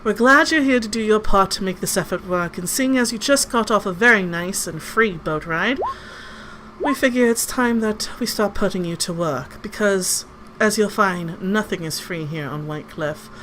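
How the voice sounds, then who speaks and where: A man voicing a stern, commanding female elf marshal in a tabletop game, speaking with formal, measured authority. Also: high-pitched, noisy background, voice pushed up, close to an everyday voice.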